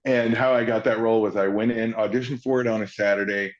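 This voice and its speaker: A male actor telling stories as an interview guest, rambling quickly and acting out quoted voices. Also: on the low side, dull audio. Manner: acts out quotes in lively voices, fast rambling. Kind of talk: animated storytelling.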